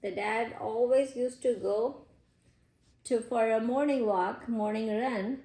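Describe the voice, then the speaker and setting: A woman teaching a children's class, telling a moral story in simple words with gentle restarts. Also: a little high, fairly even intonation, takes it slowly, reverberant.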